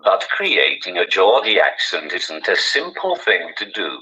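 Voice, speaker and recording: A man speaks through a communication aid in a posh-sounding synthetic voice. He is low-pitched and slow but swings widely in pitch, with a bright edge. The sound is dull and lo-fi. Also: huge pitch swings. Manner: measured, dry, prepared answers. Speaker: guest comedian.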